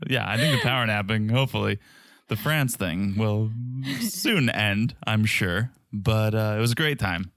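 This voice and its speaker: A man's voice: on the low side, expressive, a little slow, fairly bright tone, dry recording, studio quality. A man co-hosting a podcast with his wife, chatting casually and joking in a rambling way. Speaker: podcast co-host. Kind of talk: casual chat.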